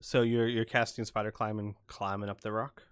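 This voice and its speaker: A man's voice: fairly low pitch, little pitch movement, normal speed, smooth, dry recording, clean studio sound. A man running an online tabletop game as game master, thinking aloud in a casual way while he works out rules and dice rolls.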